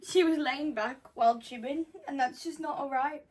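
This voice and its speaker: A woman's voice: sits high, moderate pace, hardly any pauses. A young woman co-hosting a casual chat, reading confessions aloud with playful, teasing outbursts. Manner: playful, teasing, bursts into loud laughter and shouts. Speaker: co-host.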